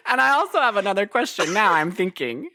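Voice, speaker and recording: A woman co-hosting a comedy podcast, retelling a movie's plot in an expressive, swear-heavy, storytelling way. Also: mid-range voice, fast, no room sound, studio quality. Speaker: podcast co-host. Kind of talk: casual comedic movie recap.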